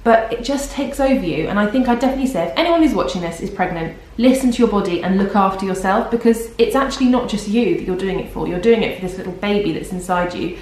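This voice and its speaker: A young pregnant woman talks to her camera in a rambling, self-deprecating way, sounding worn out. Her voice sits at an ordinary middle pitch. The room around her rings with heavy echo. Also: expressive, fast talker, hardly any pauses, a little mellow. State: pregnant and tired. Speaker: vlogger. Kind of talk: casual vlog chat. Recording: very echoey room.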